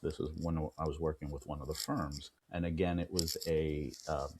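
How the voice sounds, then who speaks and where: A man, an attorney and podcast guest, telling a client story with lively quoted dialogue. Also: very deep voice, normal speed, background noise. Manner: animated retelling, acts out quoted dialogue. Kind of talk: storytelling in an interview.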